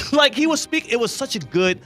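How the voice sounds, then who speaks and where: A man hosting a talk radio show, telling a long story with lively, animated delivery. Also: very high-pitched, normal speed, faint music behind. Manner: lively anecdotal telling with bursts of laughter. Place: radio studio.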